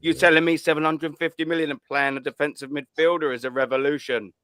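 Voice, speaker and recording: A man's voice: on the high side, steady tone, fast talker, a bit bright, clear, resonant tone, no echo. A man hosting a live call-in stream, talking in blunt, laddish banter full of swearing. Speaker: host of a call-in show. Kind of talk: casual live stream chat.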